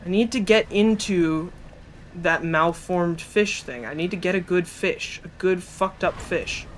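Bright-voiced man with a cold doing excitable, profane game commentary to chat. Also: high-pitched. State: has a cold. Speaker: streamer. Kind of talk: casual gameplay commentary.

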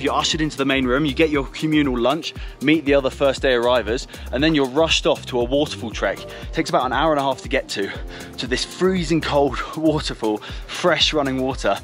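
A man with a middle-pitched voice hosts a travel vlog in a chatty, upbeat manner. He is slightly out of breath, talking from a hostel gym with soft music playing in the background. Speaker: travel vlogger host. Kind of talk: casual vlog narration.

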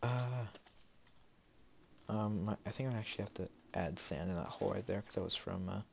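A man's voice: on the low side, moderate pace, gravelly, slight background noise. A man giving casual gameplay commentary as a Let's Play host, rambling and talking to himself with lots of fillers, a bit sniffly from a slight cold.

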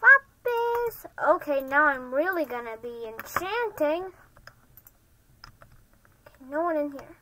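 A child commenting on a block-game match, excitable and often muttering quiet half-whispered asides. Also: sits high, slow, long pauses, a little hiss or hum, poor audio. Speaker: gamer. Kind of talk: Minecraft gameplay commentary.

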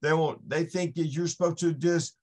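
A man's voice: fairly high pitch, fairly even intonation. A man, a ministering guest on a faith podcast, telling a personal story and acting out the voices in it. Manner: unhurried storytelling, acts out the voices in his story. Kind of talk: casual storytelling testimony.

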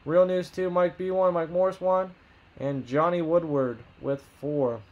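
A man's voice: a little high, steady tone, phone-quality sound. Upbeat man calling a live card break. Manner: rapid roll-call of names and teams, upbeat banter. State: losing his voice. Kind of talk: live-stream box break chat.

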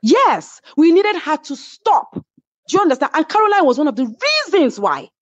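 Nigerian woman recounting a fight, swoopy highish voice, dry dull sound. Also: very animated, normal speed, no room sound. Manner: emphatic, keeps asking "do you understand?". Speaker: reality show cast member, interview guest. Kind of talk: animated storytelling in an interview.

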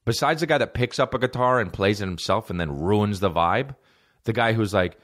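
A man hosting a comedy podcast, telling rambling stories in an animated, profane way and acting out other people's voices. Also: on the low side, a little fast. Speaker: podcast host.

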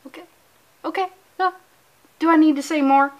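A woman's voice: sits high, steady tone, moderate pace, muffled recording. A young woman reviewing a comic book in a casual, sarcastic, profane and rambling way. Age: young adult.

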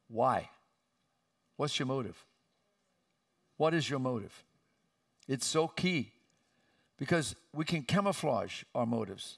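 A male pastor preaching a sermon with emphatic delivery and sudden loud, high outbursts, recorded in a church sanctuary. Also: lively intonation, takes it slowly, vocal fry, long pauses, recorded from a distance.

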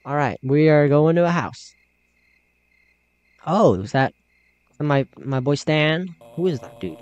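A man's voice: fairly high pitch, expressive, slow pace, long pauses, a little mellow. A man commenting chattily as he plays a horror game, reading its dialogue aloud. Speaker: gaming channel host. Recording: slightly dull game recording with faint music.

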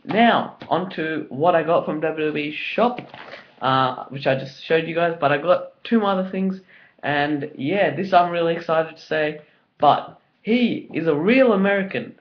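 A young Australian man talks through an unboxing with rambling, excited enthusiasm, full of ums and likes. His voice sits a little high for a man. The home recording sounds dull and lo-fi. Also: normal speed. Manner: enthusiastic and rambling, many fillers. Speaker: vlogger. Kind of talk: casual unboxing video.

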